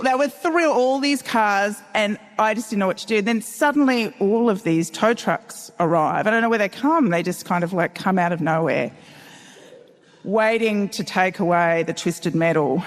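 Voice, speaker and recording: A woman's voice: mid-range voice, moderate pace. Wry Australian woman telling a story live. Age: middle-aged. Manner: wry, animated, acts out dialogue. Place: large town hall stage before an audience. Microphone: stage mic. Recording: long hall reverb, live event.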